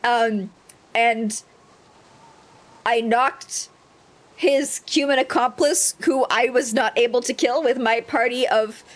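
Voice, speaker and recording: A woman streaming herself playing a video game, commenting casually and excitedly, joking and swearing freely. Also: fairly high pitch, slow pace, long pauses.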